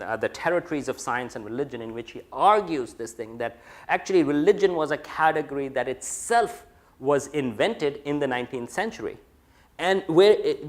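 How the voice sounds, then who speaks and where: A man giving an academic lecture, talking in a discursive way with many fillers and restarts. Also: medium pitch. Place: lecture room.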